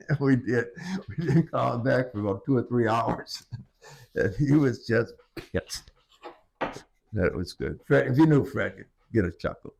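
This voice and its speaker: Gravelly older fisherman telling salty tales. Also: medium pitch, slow pace, pauses often, a little mellow. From US east coast. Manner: salty, profane, laughs through stories. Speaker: retired commercial fisherman. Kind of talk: casual storytelling interview.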